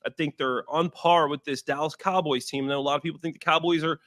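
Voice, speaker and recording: A former pro football player, a man in his thirties, analyzes recent games in a relaxed, emphatic chat. His voice sits high for a man and comes across dry and close to the mic. He drives points home by saying them twice. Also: fast, no room sound. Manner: emphatic, repeats points for stress. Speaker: former NFL player, guest. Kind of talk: casual sports analysis chat.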